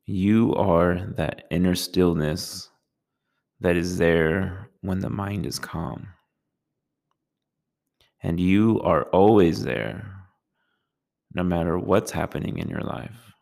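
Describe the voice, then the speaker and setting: Slow, gravelly-voiced man teaching meditation. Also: sits low, a little mellow. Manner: slow, measured, soothing delivery. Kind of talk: calm spoken meditation talk.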